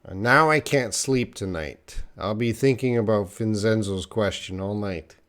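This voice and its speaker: A man hosts a live English lesson, reading out viewers' questions and answering them one by one. His voice sits a little low, and he talks in a chatty, teasing way. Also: unhurried, a bit bright. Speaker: English teacher.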